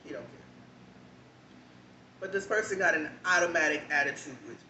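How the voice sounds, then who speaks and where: A man telling a story in a candid, animated way, with casual asides. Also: on the high side, normal speed, long pauses. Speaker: vlogger. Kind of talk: storytime monologue. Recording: echoey room, distant mic, background noise.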